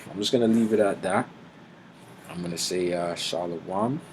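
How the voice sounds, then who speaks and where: A man giving an informal Bible teaching, mixing street slang and swearing with slow, deliberate scripture reading. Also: sits low, darkish tone, a little hiss or hum, low-quality recording.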